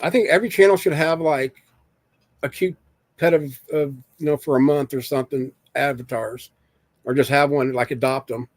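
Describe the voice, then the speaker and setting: A man's voice: medium pitch, steady tone, normal speed, no room sound. A man casually chatting with viewers on a live stream, rambling and joking as he reads the chat aloud.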